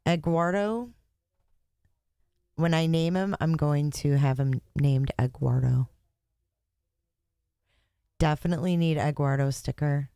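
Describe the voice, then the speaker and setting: A woman's voice: sits low, dark tone, clean tone, no echo, studio quality. A woman hosting a casual livestream, chatting and joking with her viewers between court sessions. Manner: chatty, joking, talks to chat. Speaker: livestream host.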